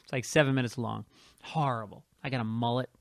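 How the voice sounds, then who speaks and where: A man, a podcast host and stand-up comedian, telling a story in casual chat with quick asides. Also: medium pitch, steady tone, creaky, dry recording, studio quality.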